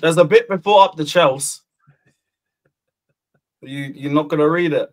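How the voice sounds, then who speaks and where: A man's voice: fairly high pitch, normal speed. A man on a football podcast panel, teasing his fellow panelists and swearing freely in casual banter.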